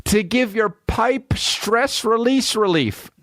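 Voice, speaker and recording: A man voicing a male robot that offers sleazy services, in a stilted, drawn-out robotic delivery. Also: high voice, lively intonation, fairly bright tone, no echo, clean studio sound, pitched above the performer's own voice, exaggerated voice.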